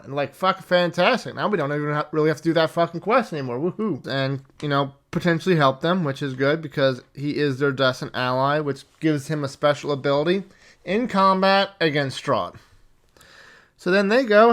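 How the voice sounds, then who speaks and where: A man recounting his tabletop game session as game master, rambling and swearing freely as he quickly acts out his players and characters. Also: on the high side, a bit bright. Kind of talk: casual storytelling recap.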